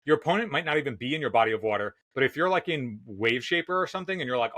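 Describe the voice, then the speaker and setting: A man's voice: mid-range voice, big pitch swings, quick pace, few pauses, fairly bright tone, no room sound, studio quality. A man co-hosting a casual card game podcast, laid-back and saying "dude" a lot. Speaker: podcast co-host.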